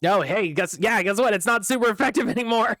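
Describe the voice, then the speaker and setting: A man streaming a game live and reacting excitably, with frequent swearing, as he plays. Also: sits high, quick pace, no echo, studio quality.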